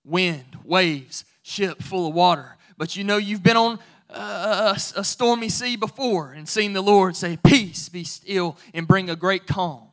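A man's voice: high voice, a bit bright. A man preaching a sermon as pastor, talking conversationally and building to emphatic declarations.

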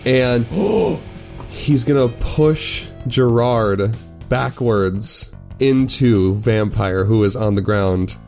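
A man with a fairly low voice at a tabletop game, describing his character's actions slowly and laughing softly. Faint music runs underneath. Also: creaky. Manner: laid-back, drawn-out, giggly. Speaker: player. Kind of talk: tabletop role-play.

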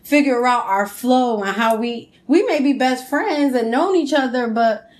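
A woman co-hosting a podcast, chatting casually with a friend and laughing often. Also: a little high. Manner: chatty, laughing, drawn-out phrasing. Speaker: podcast co-host. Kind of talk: casual chat.

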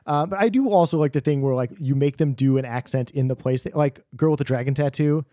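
A man co-hosting a podcast, chatting casually about films and TV, talking in quick bursts. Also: medium pitch, dark tone, no echo, studio quality. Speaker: podcast co-host. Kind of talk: casual chat.

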